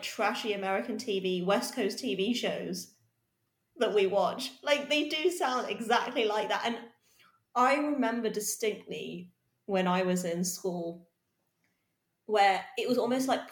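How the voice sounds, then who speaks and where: A woman from England co-hosting a podcast in casual, animated chat. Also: mid-range voice, unhurried, echoey room. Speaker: podcast co-host. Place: London.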